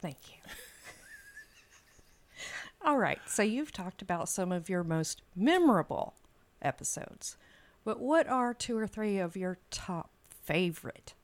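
A woman's voice: medium pitch, lively intonation, a little slow, long pauses. A woman interviewing a rideshare driver, asking questions in a playful, teasing way. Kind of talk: casual podcast interview.

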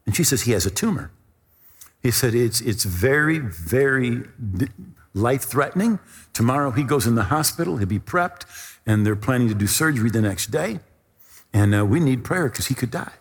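A middle-aged male pastor preaching a sermon, telling a personal story with animated emphasis. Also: mid-range voice, normal speed, slightly rough, big-room sound.

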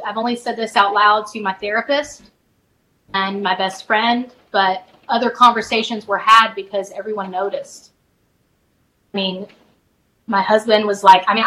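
A middle-aged woman, a spiritual advisor appearing as a podcast guest, softly and reflectively shares a personal story in a mid-range voice, full of fillers and restarts. The recording is rough.

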